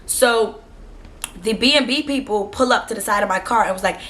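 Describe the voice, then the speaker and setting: A woman's voice: medium pitch, normal speed. A young woman vlogger telling a storytime in a casual, slangy, exasperated way. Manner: animated, frustrated, slangy retelling.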